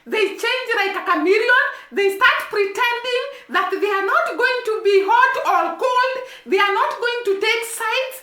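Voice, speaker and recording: Woman, vlogger, very high voice, earnest commentary, echoey room. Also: measured pace, few pauses, bright, forceful tone. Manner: earnest, repeats words for emphasis. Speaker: vlogger commenting on news and gossip. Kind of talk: casual spoken commentary. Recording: roomy echo.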